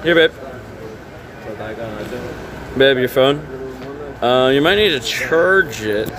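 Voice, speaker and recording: A man live streaming on a city street at night, talking excitably and confronting the people around him, filmed on a handheld phone. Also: mid-range voice, slow. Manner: excitable, confrontational, talks over others. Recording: busy street crowd noise.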